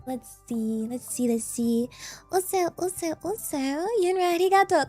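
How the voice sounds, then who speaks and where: A woman's voice: high-pitched, lively intonation, measured pace, darkish tone, soft background music. A woman with an English accent, chatting casually as a streamer, rambling and playful with lots of fillers. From England. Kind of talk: casual chat.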